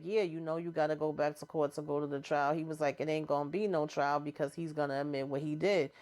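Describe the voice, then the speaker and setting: A woman with a low, smooth voice walks through a TV episode in a relaxed, chatty recap. She keeps slipping into the characters' lines as quoted dialogue, full of slang and asides. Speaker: TV episode recapper, channel host.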